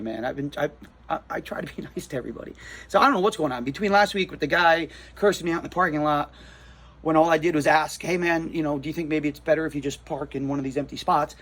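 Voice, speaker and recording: A fairly high-voiced, husky man with a New Jersey accent tells a casual vlog story. He rambles and restarts, repeating himself as he recounts an upsetting run-in. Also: a bit bright. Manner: rambling, rattled retelling with frequent restarts. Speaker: comic shop owner.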